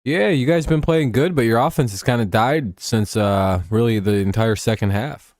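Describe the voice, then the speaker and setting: A man's voice: mid-range voice, moderate pace, a little mellow, dry recording, studio quality. A sleepy man hosting a live stream, rambling, joking and swearing as he calls a football game. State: tired and yawning. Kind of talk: casual game watch-along commentary.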